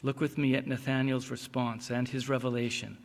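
A man preaching an expository sermon, reading scripture slowly and with deliberate emphasis. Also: medium pitch, level tone. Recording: long reverb of a large hall.

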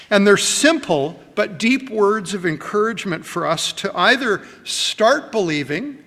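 A man preaching a sermon, earnest and measured, with frequent ums and uhs as he gathers his words. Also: on the high side, fairly bright tone. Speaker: pastor. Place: church hall with long reverb. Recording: reverberant church hall.

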